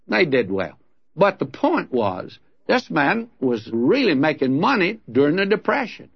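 A man's voice: mid-range voice, dry recording, lo-fi sound. An older man teaching the Bible on radio, telling folksy stories and throwing out emphatic questions.

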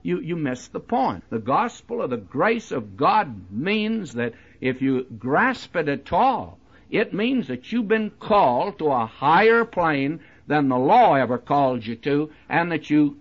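A man preaches with a husky, slightly high voice that swoops up and down as he stresses his points. He talks to the listeners in a direct, conversational way, as if explaining things to a friend. The recording sounds dull and lo-fi. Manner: emphatic, leans into key words. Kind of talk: verse-by-verse Bible teaching sermon.

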